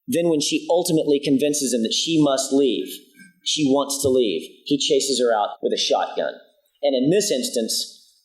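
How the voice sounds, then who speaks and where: A man delivering a prosecutor's opening statement in a courtroom, retelling events in a measured, emphatic way and quoting dialogue. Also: medium pitch, rough recording.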